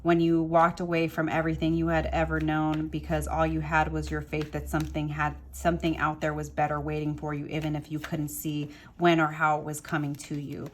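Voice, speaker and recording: A woman with a fairly low voice gives a tarot reading straight to camera. She talks with passion and emphasis. She stacks rhetorical questions and repeated lines into a rising, motivational flow. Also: monotone, a little fast, hardly any pauses. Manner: repetitive motivational phrasing. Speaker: tarot reader.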